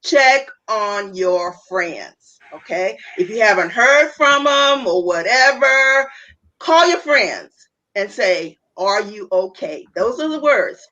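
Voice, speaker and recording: An earnest woman with a fairly high voice, speaking as a guest over a video call. She drives her points home by repeating key phrases. She often stumbles and restarts mid-sentence. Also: expressive, takes it slowly, bright, forceful tone, highs cut off. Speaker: panel guest. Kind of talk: earnest advice talk.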